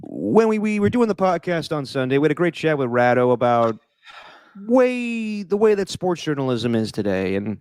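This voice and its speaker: A man's voice: a little high, very animated, moderate pace, darkish tone, clean tone, no room sound. A man co-hosting a podcast, chatting casually and teasing his co-host with jokes. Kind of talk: casual chat.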